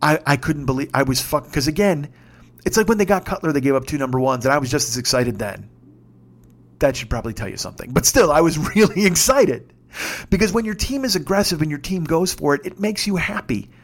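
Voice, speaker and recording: Fifty-something podcast host, slightly high voice, swearing constantly and rambling through the story. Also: male voice, a little fast. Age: 50s. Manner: profane, excitable, rambling. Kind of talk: casual storytelling rant.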